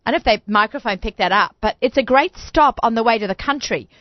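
A woman's voice: a little high, fast, dry recording, highs cut off. A woman hosting a studio talk show, chatty and bubbly, often talking over her guests. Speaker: host.

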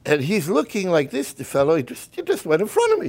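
Animated high-voiced man preaching. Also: fast. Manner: animated, acts out the people in his stories; mixes Hebrew and Yiddish terms into English. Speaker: rabbi giving a talk. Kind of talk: storytelling sermon.

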